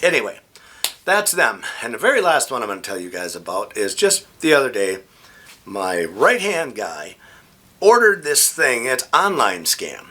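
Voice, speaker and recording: A middle-aged man telling rambling, animated stories in a casual vlog. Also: mid-range voice, moderate pace, breathy edge. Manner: rambling, animated anecdotes with frequent restarts. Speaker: vlogger. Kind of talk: casual storytelling.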